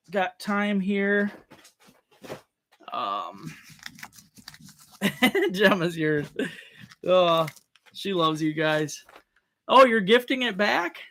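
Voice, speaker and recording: A man runs a relaxed live-stream auction, his voice sitting high. He talks at an unhurried pace, repeating each bid, chuckling and greeting viewers by name. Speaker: livestream host running a tackle auction.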